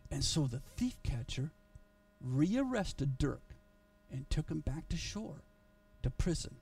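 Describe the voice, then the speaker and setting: During a church sermon, a male pastor earnestly tells a story, often restarting his phrases. His slightly high voice has a gravelly, mellow edge and a sing-song lilt, and he takes it slowly. The mic catches him from some distance in the sanctuary.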